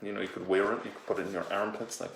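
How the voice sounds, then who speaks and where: In a campy improvised comedy sketch at home, a man plays a vain toilet paper fashion persona, breathlessly gushing over his look. His voice is low and steady in tone, very fast, with vocal fry and a bit of brightness. The echoey indoor recording has slight background noise.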